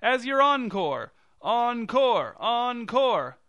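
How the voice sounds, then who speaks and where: A man voicing a loud, insistent adult man who keeps chanting and shouting from the audience in a storybook reading. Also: very high-pitched, very animated, very slow, no echo, pitched above the performer's own voice, full character voice. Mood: chanting loudly.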